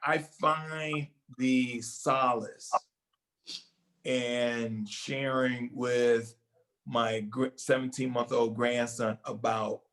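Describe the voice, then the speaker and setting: A man's voice: mid-range voice, flat delivery, very slow, fairly bright tone, poor audio. An older man in casual talk show conversation, speaking reflectively and hesitantly with many fillers.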